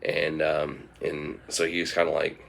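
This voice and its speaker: A man's voice: a bass voice, completely flat delivery, unhurried, creaky, a bit bright. A man telling an improvised comic story in a meandering way, with lots of fillers and restarts.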